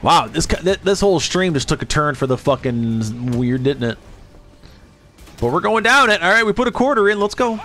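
A man streams a game and rambles freely, swearing as he talks, his voice pitched a little high. He jumps into squeaky high voices whenever he quotes someone. Quiet music plays faintly underneath. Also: sing-song, moderate pace. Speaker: livestreamer. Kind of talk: rambling casual chat while gaming.

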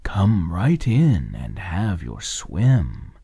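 Man doing a deep sly frog tailor, whispered role-play, slow coaxing drawl. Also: wildly swooping pitch, gravelly, dark tone, slightly rough, no echo, clean studio sound, heavily acted. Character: big-mouthed male frog tailor, sly and jolly.

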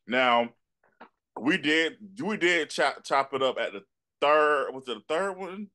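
A man, an actor and producer, telling stories as a guest in a casual chat. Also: a little high. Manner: relaxed, unhurried storyteller. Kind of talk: casual conversation.

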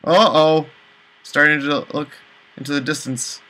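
A man commentating a let's play, exasperated, with high panicked outbursts and swearing. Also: steady tone, unhurried, bright, forceful tone, poor audio. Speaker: gaming channel host.

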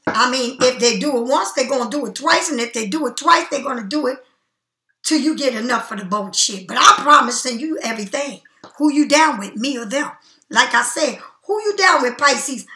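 A woman's voice: high voice, animated, normal speed, pushed and bright. A woman giving a tarot reading in a blunt, profane, preachy and emphatic way. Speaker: tarot card reader. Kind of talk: casual tarot reading monologue. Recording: echoey room.

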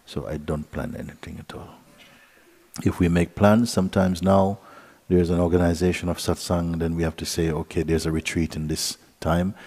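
Gentle chuckling male spiritual teacher. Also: low voice, flat delivery, normal speed, husky. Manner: gentle storytelling, chuckling, asks "you see?". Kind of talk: satsang talk to retreat group. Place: retreat meeting room.

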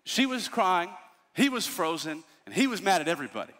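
Guy pastor preaching in a big church, bright high voice, lots of hall echo, animated storyteller. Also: brisk. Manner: animated storytelling, lively asides. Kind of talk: sermon. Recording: long hall reverb.

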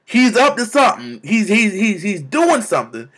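A young man vlogging about faith, exclaiming and repeating words in bursts of excitement, talking into a camera. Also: high voice, moderate pace, slightly rough. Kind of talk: excited spiritual vlog testimony.

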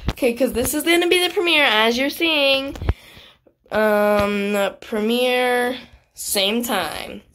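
A female YouTuber giving casual gameplay commentary, excitable and giggly, gasping and chatting straight to her viewers. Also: fairly high pitch, slow pace, slight background noise. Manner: excitable and giggly, gasps and squeals; chatty, speaks directly to viewers. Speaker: gaming YouTuber.

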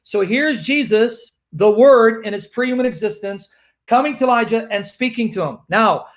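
A man's voice: very high-pitched, moderate pace. A man hosting a livestream, teaching from scripture and hammering his points home with repetition. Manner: emphatic, repeats points for the audience. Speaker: livestream host. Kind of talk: teaching Bible study talk.

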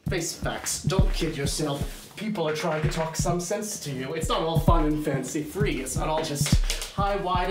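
A man performing a theatrical monologue on a small stage, scolding and nagging in a stream of stock phrases. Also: on the high side. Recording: roomy recording with loud music.

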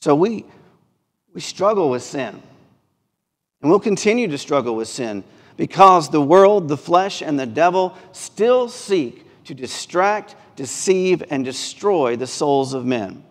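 A man's voice: on the high side, animated, a little slow. Mississippi preacher guy, earnest, stacks up repeated lines, reverb from the big church room. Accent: Mississippi Southern. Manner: earnest, builds in repeated phrases. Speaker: pastor. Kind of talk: sermon. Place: church sanctuary.

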